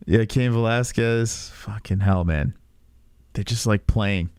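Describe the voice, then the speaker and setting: A man's voice: fairly low pitch, takes it slowly, darkish tone, clean tone, no echo, clean studio sound. A man in his thirties hosting a casual reaction stream, rambling with profane sarcasm. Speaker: podcast host.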